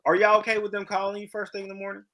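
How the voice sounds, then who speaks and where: Emphatic, lecturing man with a bright voice. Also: high-pitched, monotone, racing. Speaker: podcast guest. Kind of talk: casual podcast chat.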